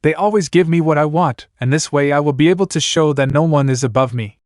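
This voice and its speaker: A man's voice: fairly high pitch, fast talker, a little mellow, dry recording, studio quality, pitched above the performer's own voice, natural voice. A man doing a smug scheming young ninja. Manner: smug, boastful inner monologue.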